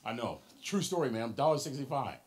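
Animated man in his sixties preaching to a crowd. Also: mid-range voice, a little fast. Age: 60s. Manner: preacher-like, calls out to the crowd, swings from soft to shouting. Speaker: motivational keynote speaker. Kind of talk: motivational keynote speech.

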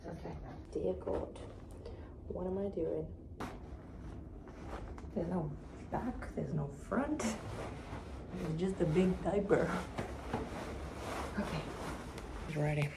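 A woman vlogging to her phone camera in a hospital room, talking expressively and often dropping to a hushed whisper. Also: fairly low pitch, normal speed, creaky, long pauses, slight background noise, poor audio. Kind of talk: casual vlog talk to camera. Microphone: phone camera propped nearby.

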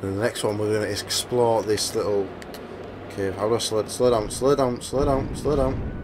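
A man giving let's-play commentary over his gameplay, excitable and exclaiming, at times mumbling. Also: fairly low pitch, normal speed, noisy background. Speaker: gaming channel host.

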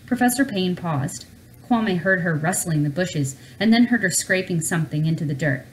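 A woman reading a children's storybook aloud in an expressive, animated way. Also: on the low side, normal speed, slight background noise, low-quality recording. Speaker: storybook reader.

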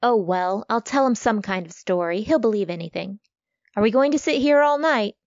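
An actress playing a breezy, flippant wife in a radio drama re-creation. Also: female voice, mid-range voice, expressive, normal speed, dry recording, close to an everyday voice. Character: careless unfaithful wife, flippant. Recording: dry dull lo-fi radio-style recording.

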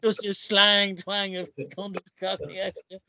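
A man's voice: high-pitched, flat delivery, unhurried, bright, forceful tone, a little hiss or hum. A man hosting a podcast in a chatty, casual way, laughing easily. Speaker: podcast host. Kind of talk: casual chat.

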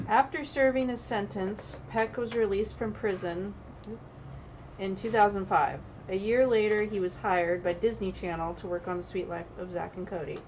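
Female podcast co-host, casual and agreeable, mid-pitched, faint hiss behind. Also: a little mellow, poor audio. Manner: agreeable, chatty, reads aloud plainly.

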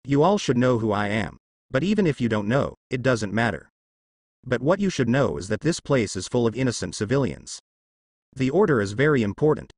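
A man's voice: medium pitch, no echo, clean studio sound. A man reading a defiant, righteous navy officer. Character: righteous young male navy rear admiral, defiant.

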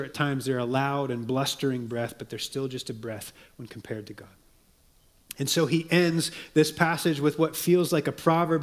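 Here a man gives a sermon as a pastor, reading quotations out loud. He stays earnest and measured, softening to low tones whenever he wants to stress something.

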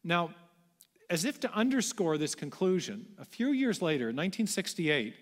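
A man's voice: high-pitched, big pitch swings, moderate pace, long reverb tail. A man giving a public lecture, explaining step by step in an earnest way.

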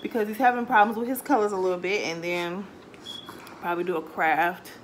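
A woman's voice: on the low side, steady tone, a little fast, a little hiss or hum. A young woman, vlogging casually at home as a mother teaching her child in a sing-song voice.

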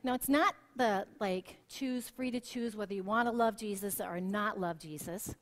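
A woman worship leader preaching a sermon in a church, telling stories with lively acted quotes. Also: medium pitch, normal speed.

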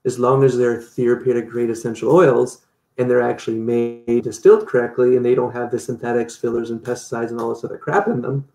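A man with a gravelly, mellow voice speaks casually as an interview guest. He tells his story with energy and acts out quoted lines. The room gives his voice a noticeable echo. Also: mid-range voice, fairly even intonation, fairly quick.

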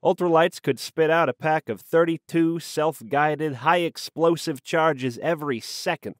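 A man narrating a hard-boiled noir audiobook in a wry, slangy, deadpan manner on a close microphone. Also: medium pitch, no room sound.

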